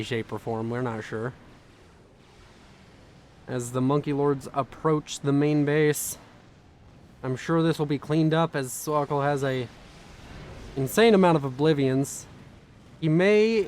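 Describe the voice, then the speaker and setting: A young man casting a strategy video game with quick, chatty, self-mocking commentary, sounding tired. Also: fairly high pitch, darkish tone, a little hiss or hum. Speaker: game caster.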